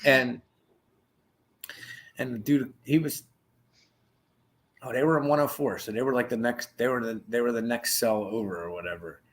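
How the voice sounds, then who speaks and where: Profane, animated man telling a story. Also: mid-range voice, moderate pace, pauses often. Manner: profane, animated, acts out quoted voices. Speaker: podcast co-host. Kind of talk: casual storytelling chat.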